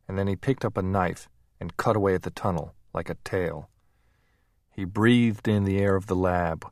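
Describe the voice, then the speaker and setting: A man narrating an audiobook in a steady, measured reading voice. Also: sits low, dry recording, clean studio sound.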